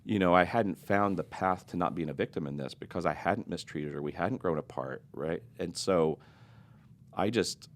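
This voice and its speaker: At a moderate pace, a middle-aged man with an extremely deep voice and gravelly fry tells a podcast interviewer a personal story. His manner is earnest and confessional, with a reflective tone.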